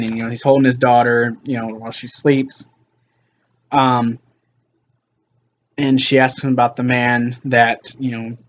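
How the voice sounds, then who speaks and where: A man's voice: mid-range voice, dull audio, a little hiss or hum. A man recapping a TV episode in a loose, casual way, with lots of fillers and quoted lines. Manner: loose retelling with many fillers and quoted asides.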